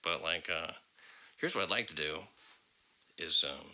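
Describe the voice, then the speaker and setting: Podcast host, man, deep and forceful, profane rambler. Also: lively intonation, a little slow, rough recording. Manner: rambling, profane, self-deprecating. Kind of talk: casual podcast chat.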